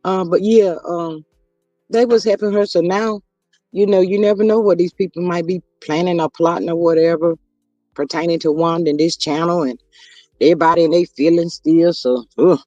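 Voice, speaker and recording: A high-pitched man runs a casual gossip livestream, drawling asides to his chat and reading viewer comments aloud. His voice is close and dry, with soft music underneath. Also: fairly even intonation, moderate pace, dry recording, muffled recording. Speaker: livestream host.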